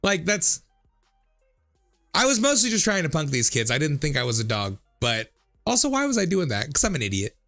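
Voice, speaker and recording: A man in his thirties riffs on viewer comments with loose, joking commentary, cursing and cracking himself up. His voice is gravelly and bright, with lively swings in pitch. Faint music plays behind him. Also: a little fast. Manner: animated, jokey, swears freely, laughs often. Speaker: streamer reading viewer comments. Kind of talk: casual comedic commentary.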